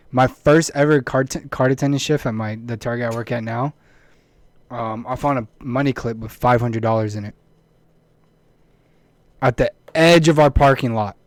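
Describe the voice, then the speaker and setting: A young man co-hosting a podcast, telling stories in animated, blunt casual chat and swearing often. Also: mid-range voice, dry recording. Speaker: podcast co-host.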